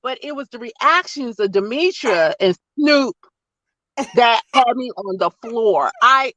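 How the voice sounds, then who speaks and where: A woman gossiping in a casual chat, telling an animated story, swearing and laughing often. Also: fairly high pitch, unhurried, no room sound, poor audio.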